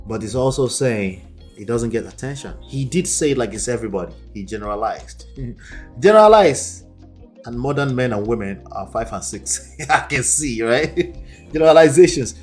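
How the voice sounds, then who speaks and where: Man, emphatic reaction commentary, repeats himself, faint background music. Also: mid-range voice. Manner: emphatic, repeats points, laughs often. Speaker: relationship coach, host reacting to clips.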